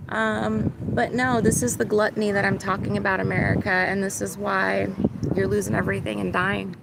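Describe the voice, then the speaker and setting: A woman's voice: mid-range voice, level tone, moderate pace, creaky. A woman vlogging outdoors in a casual, meandering monologue, tagging sentences with "right?" and "like". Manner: meandering, frequent "right?" and "like" tags. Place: outdoors near boats and birds. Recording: outdoor recording with loud traffic noise.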